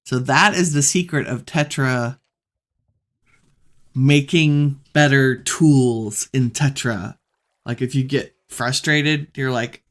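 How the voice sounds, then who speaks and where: A woman giving relaxed gameplay commentary, musing to herself as she plays. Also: extremely low pitch, takes it slowly. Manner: musing, talks to herself while playing. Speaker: gameplay streamer.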